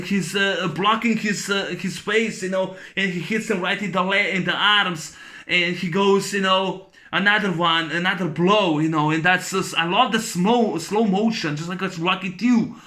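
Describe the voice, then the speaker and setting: A man talks through a favorite film in a loose, gushing review, stumbling over restarts and fillers. His voice sits fairly high with a bright, sharp edge, and his delivery is casual and unscripted. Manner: rambling and enthusiastic, many fillers and restarts. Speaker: movie reviewer.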